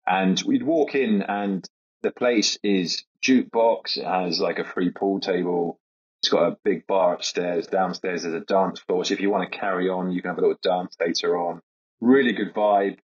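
A man's voice: deep voice, steady tone, moderate pace. A man in his thirties, a comedian guest, telling casual anecdotes in a hesitant, rambling way and laughing through them. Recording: dull lo-fi podcast audio.

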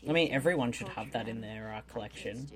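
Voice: medium pitch, fast. A co-host making dry wisecracks during a casual comedic horror movie commentary.

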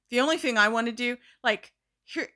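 Woman guest storyteller, bright edge to the voice, lively and theatrical in conversation. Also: on the high side. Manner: animated, acts out quoted voices, laughs often. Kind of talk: casual storytelling chat.

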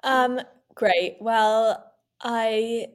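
Chatty young woman gushing. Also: on the high side. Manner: animated, gushing, quick asides. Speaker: podcast co-host. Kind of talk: casual chat.

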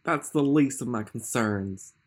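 A man voicing a scrawny, nervous male deputy who whines shrilly. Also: husky. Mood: whiny. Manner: whining, shrill and slow.

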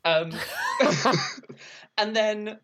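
A young man in an interview, telling a story in a lively way, laughing often and raising his voice to act out what people said. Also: high voice, drawn-out words. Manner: animated, laughs often, acts out quotes in a raised voice. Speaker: interview guest, burlesque performer.

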